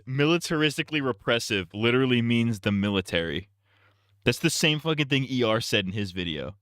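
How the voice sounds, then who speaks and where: A man's voice: mid-range voice, animated, a little fast, fairly bright tone, clear, resonant tone, no echo, clean studio sound. A man streaming and casually reacting to a video, with crude, mocking banter.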